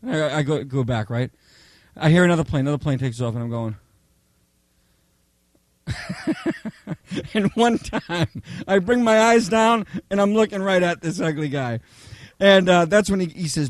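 A high-voiced male pastor preaches a sermon packed with animated stories, often pausing to ask the congregation a quick "okay?" or "right?". The recording is close and dry, without any room echo.

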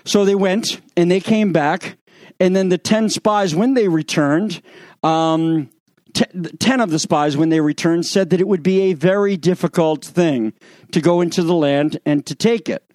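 A middle-aged male pastor preaching a sermon, animated and sarcastic, acting out the lines of the people in the story. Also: high-pitched, measured pace, dry recording.

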